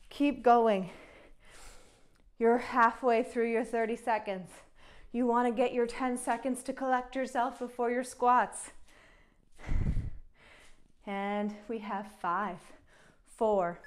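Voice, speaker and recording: A young woman, out of breath, coaching a follow-along kettlebell workout and counting down reps with encouragement. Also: fairly high pitch. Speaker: fitness instructor.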